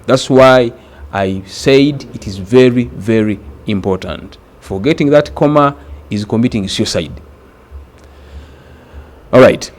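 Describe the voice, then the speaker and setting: A man from Uganda teaching an exam-prep grammar lesson, speaking deliberately and repeating words for emphasis. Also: medium pitch.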